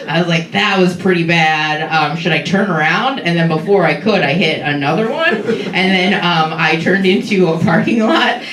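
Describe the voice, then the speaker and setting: A woman's voice: sits low, a bit bright, recorded from a distance. A young woman doing a stand-up set, rambling and laughing through her lines with lots of fillers, in a comedy club. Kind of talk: stand-up set trying out jokes. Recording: echoey club recorded from afar, audience. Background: audience laughter.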